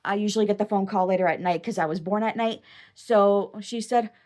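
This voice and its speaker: A young adult woman vlogger telling a personal story in a chatty, excitable, rambling way. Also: mid-range voice, a little fast. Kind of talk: casual personal storytelling to camera.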